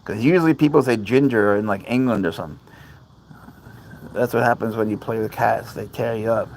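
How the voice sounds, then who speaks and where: Outdoors at night among bugs, a man livestreams with his cats while crickets chirp in the background. His low, creaky voice moves fairly quickly as he chats easily and reads viewer comments aloud. The recording is rough.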